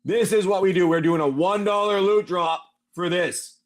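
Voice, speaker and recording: A man's voice: sits high, normal speed. A man running a tabletop game on a live stream, narrating each move play by play. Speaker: game master.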